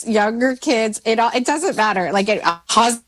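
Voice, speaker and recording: A woman in her forties, a mindset coach, talking casually and jumping up in pitch when she quotes herself. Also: normal speed. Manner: animated, swoops into high pitch when quoting herself. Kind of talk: casual podcast chat.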